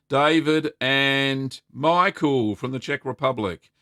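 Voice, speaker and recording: A man's voice: medium pitch, takes it slowly, sharp tone, no echo, studio quality. A middle-aged Australian man hosting a casual live stream, rambling in a friendly way and greeting viewers by name. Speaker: host.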